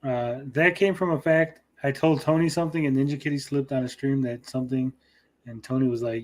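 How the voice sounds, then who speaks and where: A man's voice: medium pitch, steady tone, a little fast. Blunt joking male stream host. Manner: blunt, joking, swears freely. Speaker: show host reading chat. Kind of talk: casual livestream chat.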